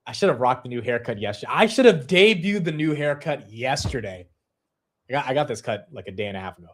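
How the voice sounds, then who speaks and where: A young man riffs through a live stock market stream in an easy, conversational way. He jumps between topics and pokes fun at his own slips, with a voice of middling pitch. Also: expressive, a bit bright. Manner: self-deprecating, quick-shifting, laughs at himself.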